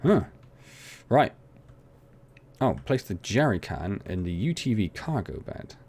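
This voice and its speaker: Here the gaming channel host, a young man, drifts through casual let's play chatter over a farming game, poking fun at himself as he goes. The voice is lowish and sing-song, unhurried, a little mellow, with a breathy edge.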